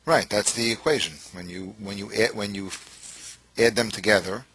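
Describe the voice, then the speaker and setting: A man's voice: on the low side, steady tone, normal speed, fairly bright tone, husky, rough recording. A man in a study session, asking questions and working through ideas, hesitating as he searches for words. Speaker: student.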